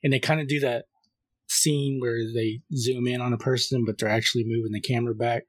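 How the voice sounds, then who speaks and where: A man co-hosting a film podcast, casually recapping a horror movie scene by scene and reading the caller's lines flatly. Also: mid-range voice, a little fast, husky, dry recording. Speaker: podcast co-host.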